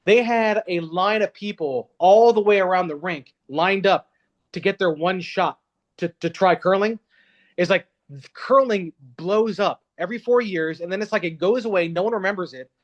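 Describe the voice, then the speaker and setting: A man with a notably high voice speaks as a guest in a casual interview, circling his points with lots of "um" and "like". His twang comes through a dull, muffled recording. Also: normal speed. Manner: rambling, with many fillers and restarts. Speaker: guest reporter. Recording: dull, lo-fi sound.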